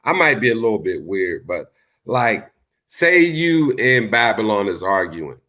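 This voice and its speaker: A man's voice: on the low side, very animated, measured pace, sharp tone. A man in casual panel talk, rambling and reflective, often adding "you know what I mean". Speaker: panel host.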